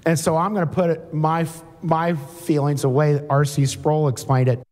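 A man's voice: on the high side, little pitch movement, moderate pace, darkish tone. A man preaching a sermon in a conversational way, reading scripture aloud and breaking in with asides. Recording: long hall reverb.

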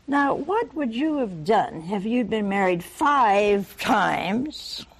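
An older woman preaching a sermon, telling a Bible story with lively rhetorical questions and acted-out dialogue. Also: medium pitch, takes it slowly.

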